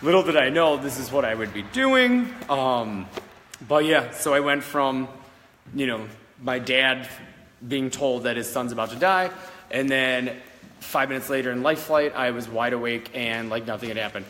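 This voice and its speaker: A man's voice: medium pitch, expressive, normal speed, fairly bright tone, long reverb tail. A man in his thirties, a psychic medium, telling a personal story in a rambling, candid, casual way, often checking in with "all right?" and swearing now and then. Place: old country schoolhouse, indoors.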